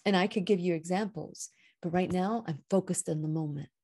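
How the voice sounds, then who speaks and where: A woman's voice: fairly low pitch, fairly quick, a little mellow. A woman hosting a radio show, giving an earnest, heartfelt inspirational talk about faith, and rising and falling with emphasis.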